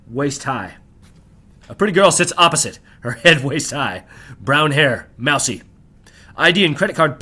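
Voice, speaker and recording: A man reading his own novel aloud in the first person, measured and descriptive, slowing on key phrases. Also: on the high side, pushed and bright.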